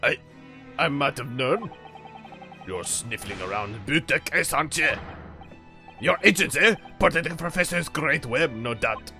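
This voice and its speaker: Hostile, burly prison governor with a mustache, voiced by a man with a bright, forceful edge. He barks brusque, threatening lines in a put-on Scots-tinged manner. Faint game music plays behind. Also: mid-range voice, lively intonation, a little slow, long pauses. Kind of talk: game dialogue read aloud on a stream.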